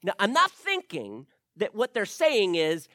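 A man preaching a sermon as pastor, reading scripture aloud with emphatic stresses and soft drops. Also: sits high, huge pitch swings, a little slow, dry recording, studio quality.

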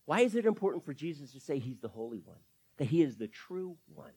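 A pastor preaching with a lively, swooping voice that rises and falls widely. The voice sits at a middle pitch and keeps asking the congregation questions while explaining scripture verse by verse. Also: a little fast, husky. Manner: animated preaching with rhetorical questions. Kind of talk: sermon.

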